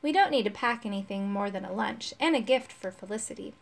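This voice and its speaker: A woman's voice: medium pitch, lively intonation, fairly quick, gravelly. A woman reading aloud, voicing a grumpy know-it-all male companion in a storybook with a dry, superior manner.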